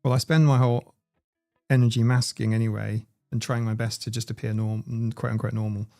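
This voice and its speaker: A man's voice: mid-range voice, little pitch movement, brisk, darkish tone, faint music behind. A man hosting a casual livestream, rambling, swearing freely and reading the chat aloud. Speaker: livestream host.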